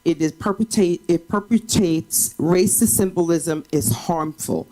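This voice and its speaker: Low-pitched woman, public commenter; earnest, pointed delivery with hesitations. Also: unhurried, dark tone. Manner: earnest, pointed, with frequent ums. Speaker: public commenter at a school board meeting. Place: school board meeting room.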